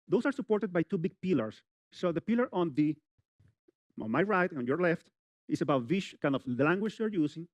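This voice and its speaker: Lively man lecturing a live audience. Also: on the high side, no echo. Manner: animated, addresses audience directly, many "you know" fillers. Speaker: public speaking lecturer. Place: university lecture hall.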